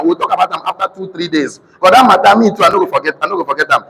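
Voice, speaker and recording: High-voiced Nigerian man in an echoing hall. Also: rapid-fire, vocal fry, a crowd in the background. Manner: animated, repetitive, mixes in pidgin. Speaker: motivational speaker. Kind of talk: teaching seminar talk.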